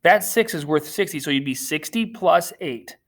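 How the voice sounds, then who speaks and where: A man's voice: a little high, animated, normal speed, a bit bright. A man teaching a recorded remote math lesson to children, upbeat, cracking corny jokes and teasing himself, talking through a screen share.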